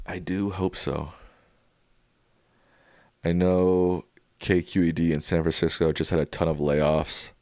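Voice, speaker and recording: A man hosting a casual livestream, chatting in a relaxed way and thinking aloud as he answers viewers. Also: low voice, moderate pace, no room sound, clean studio sound. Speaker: livestream host.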